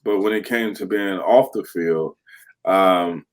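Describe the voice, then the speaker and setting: A man's voice: deep voice, slow pace. A man in his thirties, a former pro football player, tells stories in a candid podcast interview and acts out the teammates he quotes.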